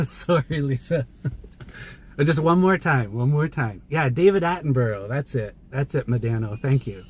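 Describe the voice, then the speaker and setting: A man's voice: medium pitch, expressive, measured pace. Chatty man streaming from his car. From Canada. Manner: chatty, laughs often, thanks viewers by name. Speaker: livestream host. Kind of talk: casual chat while driving. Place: inside a car on a drive. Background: faint car noise.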